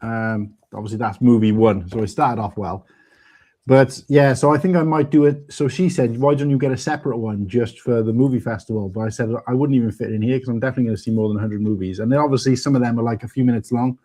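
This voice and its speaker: Guy rambling on a stream chat, warm mellow tone. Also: medium pitch, fairly even intonation, quick pace. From United Kingdom. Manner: chatty, rambling storyteller. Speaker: stream host. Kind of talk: casual panel chat.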